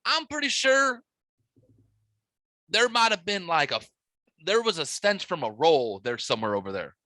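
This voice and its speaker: A man's voice: on the high side, sing-song, normal speed, pushed and bright, dry recording. A man hosting a podcast, telling a story in casual chat with crude language and quoted voices. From Midwest United States. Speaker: podcast host.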